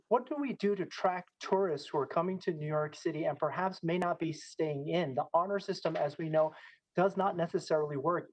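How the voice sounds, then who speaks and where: A man asking a question as a reporter at a press conference, polite and deliberate. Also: fairly high pitch. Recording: muffled remote line.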